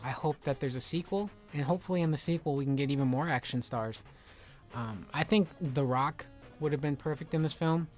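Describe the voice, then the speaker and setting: A man hosting casual game commentary, rambling excitedly with lots of filler words. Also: fairly high pitch, fairly quick, faint music behind. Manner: rambling, excitable, heavy use of "like". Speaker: video game reviewer.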